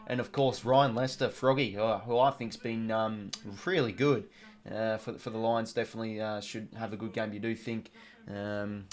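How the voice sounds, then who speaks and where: A young Australian man hosting a live watch-along stream, chatting casually, full of fillers and greeting viewers from chat. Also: mid-range voice.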